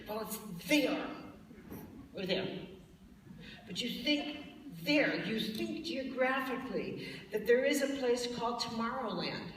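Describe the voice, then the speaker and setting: A woman's voice: on the high side, lively intonation, a little slow, pauses often, slight background noise. A woman speaker giving a blunt, emphatic lecture to a live audience, sometimes mocking the tones of voice people use. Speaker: spiritual speaker. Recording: echoey hall from far off.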